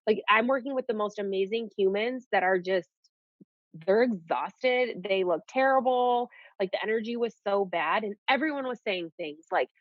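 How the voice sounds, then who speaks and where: A young woman and nurse, telling her story in a casual, animated way and saying "like" often. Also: medium pitch, normal speed, dry recording. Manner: animated, peppers speech with "like". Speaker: nurse guest. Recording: dull lo-fi audio.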